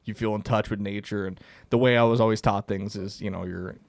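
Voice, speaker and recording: A man's voice: lowish voice, fairly even intonation, brisk, no echo. A young man co-hosting a comedy podcast, telling a rambling, profane hunting story. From Canada. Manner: profane, rambling, laughs through stories. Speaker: podcast co-host. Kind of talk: casual storytelling.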